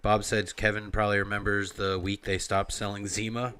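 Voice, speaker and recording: A man co-hosting a podcast and telling a rowdy bar story in a bright, forceful voice. He swears freely and gets loud and animated when he acts out his own lines. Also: lowish voice, brisk, clear, resonant tone. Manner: loud, profane, animated when quoting himself. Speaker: podcast co-host.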